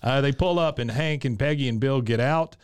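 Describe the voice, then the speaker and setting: Man, podcast co-host, casual recap, laughs often, mid pitch, dry sound. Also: fairly quick, clean tone, dry recording. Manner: laughs often, lots of fillers while retelling scenes.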